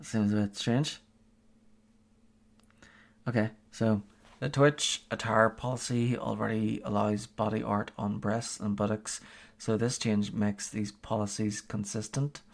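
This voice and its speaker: A man's voice: fairly low pitch, little pitch movement, unhurried, vocal fry. A man streaming a game, chatting casually and reading a policy aloud, hesitant with many fillers and frequent chuckles.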